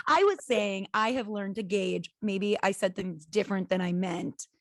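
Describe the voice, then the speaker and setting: A middle-aged woman co-hosting a casual faith podcast, animated and laughing often as she tells stories. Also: medium pitch, measured pace, noisy background. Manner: animated, laughs often, acts out quoted voices. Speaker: podcast co-host. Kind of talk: casual chat.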